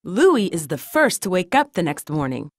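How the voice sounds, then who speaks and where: A woman reading a children's storybook aloud in a gentle, lilting read-aloud manner. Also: on the low side, very animated, moderate pace, dry recording, studio quality. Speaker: storybook narrator.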